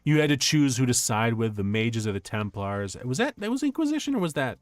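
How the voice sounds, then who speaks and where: Talking briskly in a medium pitch, a young streamer shares stories in a lively, meandering fashion, frequently starting over. The recording is dry.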